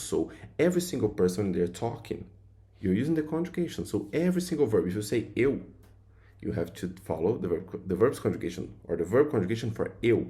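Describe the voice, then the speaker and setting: A man's voice: on the low side, dark tone. A man teaching grammar to viewers, explaining loosely with lots of fillers. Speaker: language teacher.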